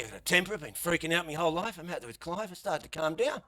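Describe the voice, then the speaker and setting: A man's voice: fairly high pitch, sing-song, very fast, fairly bright tone. A middle-aged Australian man with an Australian accent, performing a rambling, swear-heavy stand-up comedy set.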